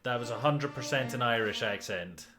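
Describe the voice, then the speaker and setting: A man's voice: medium pitch, moderate pace, over music. A man streaming a detective game, thinking aloud in casual commentary, muttering, sighing and swearing when stuck.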